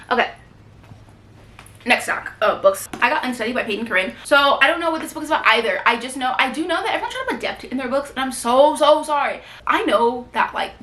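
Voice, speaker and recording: A woman's voice: high-pitched, bright, forceful tone, roomy sound. A young woman chatting casually about her new books, gushing and rambling with lots of fillers. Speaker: book vlogger. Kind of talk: casual book haul chat. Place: room at home with bookshelf.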